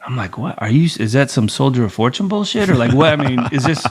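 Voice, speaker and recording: A man in his forties, appearing as a podcast guest, tells stories casually in an interview, acting out the dialogue with quoted voices and swearing a bit. He's animated and fast, with a mid-range voice that has a breathy edge.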